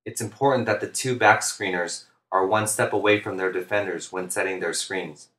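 A man, a basketball coach, narrating instructional plays in a flat, deliberate monotone, speaking clearly. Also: deep voice, roomy sound. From United States. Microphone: home recording for narration.

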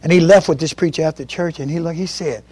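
A man's voice: on the high side, fast, darkish tone, husky. A male preacher giving a testimony sermon, telling stories with emphasis. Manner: emphatic storytelling.

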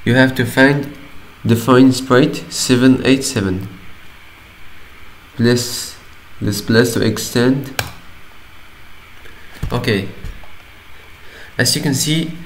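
A man talks through a software tutorial at an easy, unhurried pace, his pitch sitting in a middling range. He explains each step plainly and drops an "okay" between steps. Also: slight background noise, rough recording. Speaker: tutorial maker. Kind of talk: screen-recording tutorial voice-over.

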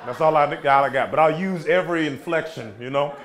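A man from the United States doing a fast, animated stand-up set on stage, jumping into loud silly voices. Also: on the high side, vocal fry, slight background noise. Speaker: stand-up comedian. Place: stage in a theater. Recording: live show with crowd laughing. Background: audience laughter and cheers.

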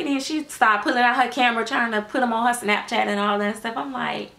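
This middle-aged American doll vlogger speaks briskly and barely pauses, her gravelly voice on the high side, fairly bright, with fairly even intonation. She's chatty and sassy, addressing her viewers as y'all in casual talk to camera about her dolls.

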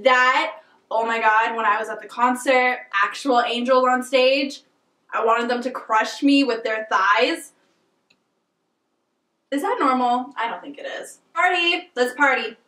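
A woman's voice: a little high, measured pace, bright, forceful tone, distant mic. Gushing young woman reacting, echoey room. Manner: gushing, squealing, swears and laughs a lot. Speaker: music video reactor. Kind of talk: excitable reaction vlog. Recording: echoey room, voice off-mic, music playing.

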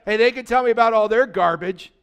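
A man's voice: very high voice, quick pace, a bit bright, clear, resonant tone. A male pastor, preaching a conversational sermon and calling out to his congregation. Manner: exhorting, conversational, calls out to congregation.

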